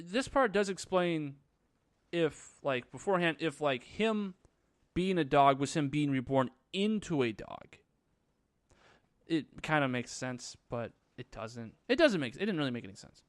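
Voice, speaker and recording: Sarcastic, animated young guy ranting. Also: on the high side, moderate pace, dry recording, studio quality. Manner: sarcastic, crude, rambling. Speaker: movie reviewer. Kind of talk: casual vlog commentary.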